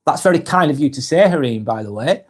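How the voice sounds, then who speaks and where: A man in his forties with a Lancashire accent, talking on a live stream in a voice a touch higher than most men's. He reads viewer comments aloud in a casual, friendly way and often stops to restart or correct himself. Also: lively intonation, quick pace. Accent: Lancashire English. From England. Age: 40s. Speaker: live vlog host.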